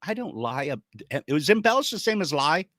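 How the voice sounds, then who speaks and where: A man co-hosting a podcast, telling a story in a lively casual way and acting out the people he quotes. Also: a little high, a little fast, no echo. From Jacksonville, Florida. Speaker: podcast co-host.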